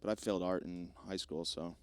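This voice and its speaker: A young man hosting a podcast, rambling through a jokey, self-deprecating solo monologue with plenty of swearing, swinging between loud bursts and mumbled asides. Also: low-pitched, fairly even intonation, brisk, clean tone, no echo. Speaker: podcast host.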